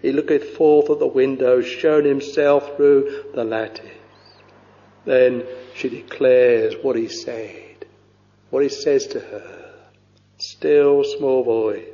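A man preaching a sermon, reading scripture in a slow, halting way with many pauses and fillers, dropping to a hushed voice on quoted verses. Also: mid-range voice, flat delivery. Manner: slow, halting delivery with frequent uh and you know. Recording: dull lo-fi recording with long hall reverb.

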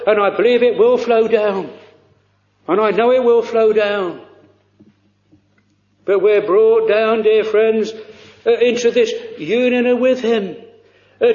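High-voiced man preaching, slow and halting. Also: a little mellow, roomy sound, highs cut off. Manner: earnest, halting, many fillers, archaic phrasing. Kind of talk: sermon.

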